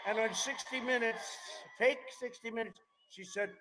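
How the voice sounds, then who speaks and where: A man's voice: high voice, steady tone, moderate pace, noisy background. A man in his seventies giving a campaign rally speech, rambling and digressive, with mocking asides. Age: 70s. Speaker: politician addressing a campaign rally.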